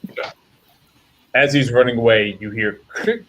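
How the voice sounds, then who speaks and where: A man narrating as game master in a tabletop game, relaxed and descriptive with some fillers. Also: mid-range voice, moderate pace, slight background noise, poor audio.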